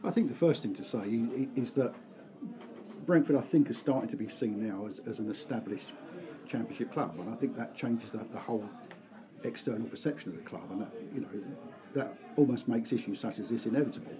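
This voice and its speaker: A man's voice: mid-range voice, a little fast, crowd noise, rough recording. A man giving a thoughtful opinion on a casual fan podcast, stumbling a little as he starts his points. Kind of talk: casual pub podcast chat.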